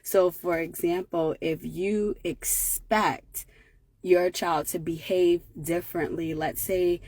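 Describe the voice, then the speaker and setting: A woman's voice: on the low side, steady tone, takes it slowly, a little mellow, no room sound. A woman in her thirties giving a conversational motivational talk to parents, often checking in with "right?". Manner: conversational, many fillers and tag questions. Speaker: parenting educator.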